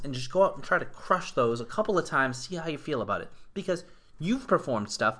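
A man's voice: a little high, very animated, brisk, sharp tone. A young man co-hosting a casual chat, blunt and swearing freely, acting out example lines as he argues his point. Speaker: wrestling podcast co-host.

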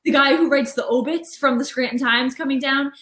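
A woman guest on a podcast, excitedly listing favorite moments from a show. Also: high-pitched, brisk. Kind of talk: casual chat about a TV show. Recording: echoey room.

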